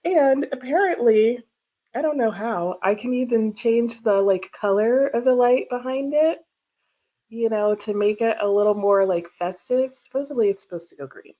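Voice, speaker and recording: A woman's voice: on the high side, moderate pace, warm tone. A woman hosting a casual livestream from her home, chatting, laughing often and reading out viewer comments. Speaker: livestream host. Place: home room with bookshelves.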